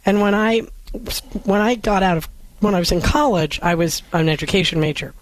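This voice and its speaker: A woman's voice: fairly low pitch, fairly quick, no echo. Woman co-hosting a call-in radio show. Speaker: radio co-host.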